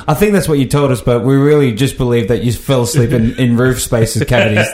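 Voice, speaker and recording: A man's voice: mid-range voice, fairly quick, a little mellow, reverberant. A man chatting casually, laughing and acting out quoted lines. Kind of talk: casual storytelling chat.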